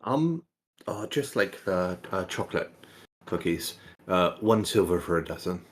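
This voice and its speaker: A man's voice: sits low, animated, unhurried. A man voicing a short, polite male dwarf baker who runs a stall, with a hesitant, stammering shopkeeper's manner. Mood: flustered grateful.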